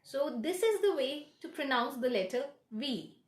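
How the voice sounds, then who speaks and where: A woman giving a pronunciation lesson, modeling each sound deliberately. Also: sits high, lively intonation, reverberant. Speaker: English pronunciation teacher.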